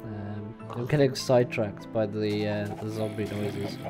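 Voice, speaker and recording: A man's voice: lowish voice, flat delivery, a little slow, over loud music. A man giving casual gameplay commentary as a let's play host, rambling and hesitant with many fillers.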